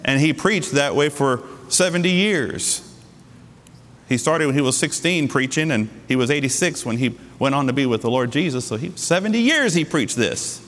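A man's voice: animated, fairly bright tone, slight background noise. Man preaching in an echoing hall. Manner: emphatic preaching with sudden pitch jumps and slowed stresses. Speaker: pastor. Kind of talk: sermon.

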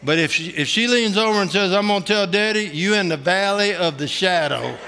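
A middle-aged man preaching a testimony sermon in a high, bright voice. He talks in a folksy, joking, colloquial way. His voice rings with the long reverb of a big hall. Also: expressive, normal speed. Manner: folksy, humorous storytelling; colloquial Southern-style grammar, "ain't".

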